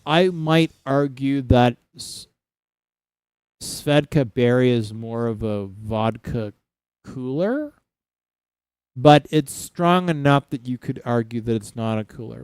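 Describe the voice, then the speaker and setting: Smooth-voiced man rambling on a livestream. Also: medium pitch, darkish tone, dry recording. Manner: rambling, restarts often, chats with viewers. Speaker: livestream host. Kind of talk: casual livestream chat. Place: home in Saskatchewan.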